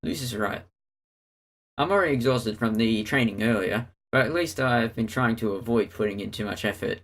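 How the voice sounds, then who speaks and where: A man reading a visual novel aloud in a steady storytelling manner, narrating and speaking the hero's lines. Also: fairly low pitch, moderate pace. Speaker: let's player.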